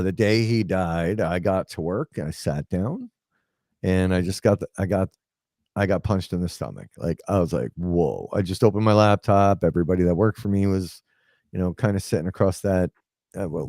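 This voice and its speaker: A man's voice: low voice, normal speed, darkish tone, dry recording, studio quality. A man in his forties telling a personal story in a casual, rambling way, full of fillers, often acting out what people said. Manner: rambling, filler-heavy, drops into quoted dialogue.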